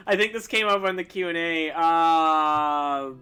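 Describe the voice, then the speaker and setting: High-pitched, pushed and bright, the young man's voice comes through with a clean tone. He's a streamer drawing and answering chat, chatting casually, rambling, restarting and laughing at his own expense.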